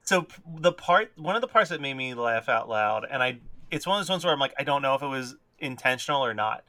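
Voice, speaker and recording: A man's voice: mid-range voice, lively intonation, fast, pushed and bright, no room sound. A man co-hosting a casual movie podcast, telling amused stories and laughing often. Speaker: podcast co-host. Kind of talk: casual movie-review chat.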